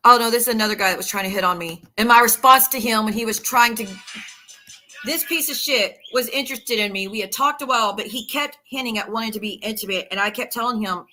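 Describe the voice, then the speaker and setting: A woman's voice: mid-range voice, a little fast, bright, forceful tone. A woman talking casually on a livestream, rambling as she reads her messages aloud. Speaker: streamer.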